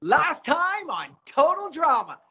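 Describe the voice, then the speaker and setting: A man putting on a brash, grinning male reality show host, projecting as if half yelling. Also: extremely high pitch, very animated, slow, highs cut off, voice pushed up, full character voice. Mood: beaming. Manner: projected, beaming, almost yelling.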